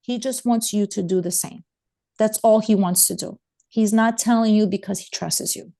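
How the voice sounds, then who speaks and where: A woman's voice: medium pitch, fairly even intonation, moderate pace, creaky, warm tone. A mother speaking as an interview guest, urging parents with emphatic, repeated warnings. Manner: emphatic, urgent, repeats points. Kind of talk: interview conversation.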